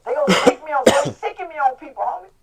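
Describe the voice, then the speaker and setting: A middle-aged man from Texas, talking loudly in a casual interview and breaking into shouts. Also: very high voice, expressive, fast. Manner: loud, profane, bursts into shouting. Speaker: guest. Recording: muffled audio from a distant mic.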